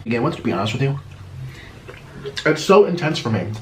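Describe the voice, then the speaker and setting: A man in a mukbang video eats and talks casually to the camera, naming the dishes and moaning and humming over them. He speaks briskly and very animatedly in a mid-range, fairly bright voice, with slight background noise.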